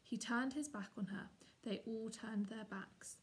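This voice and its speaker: A woman, a teacher, reading a children's chapter book aloud in a steady, expressive way. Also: on the high side, a little slow. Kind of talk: storybook read-aloud.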